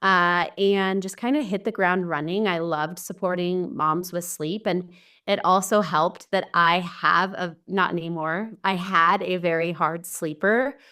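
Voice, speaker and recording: A woman's voice: fairly low pitch, steady tone, a little slow, bright, forceful tone. A young adult woman, a guest on a podcast, talking earnestly in casual conversation with many fillers. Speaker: podcast guest, mom coach. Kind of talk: casual interview chat.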